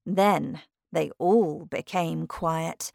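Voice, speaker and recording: A woman narrating a storybook in a slow, expressive, clearly paced reading. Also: low voice, dry recording, studio quality.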